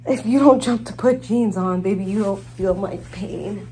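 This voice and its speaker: A twenty-five-year-old woman vlogging casually as she gets ready at home, brash and quick to swear and laugh. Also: mid-range voice, mellow, slight background noise. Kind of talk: casual get-ready-with-me chat.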